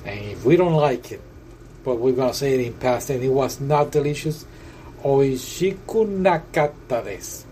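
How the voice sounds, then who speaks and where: A man's voice: mid-range voice, lively intonation, normal speed, warm tone, a little hiss or hum, rough recording. A man working through a language app lesson, chatty and often repeating and correcting himself. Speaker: language tutor. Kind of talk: casual lesson walkthrough.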